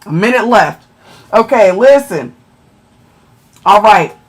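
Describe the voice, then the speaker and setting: A woman's voice: mid-range voice, lively intonation, takes it slowly, breathy edge. A woman hosting a casual livestream, chatting with viewers, answering them by name and often checking in with "okay?". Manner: chatty, keeps tagging lines with "okay?". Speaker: livestream host.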